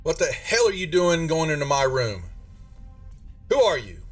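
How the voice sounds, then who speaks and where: A woman's voice: low voice, big pitch swings, normal speed, faint music behind, voice pushed up. A man doing an indignant startled woman.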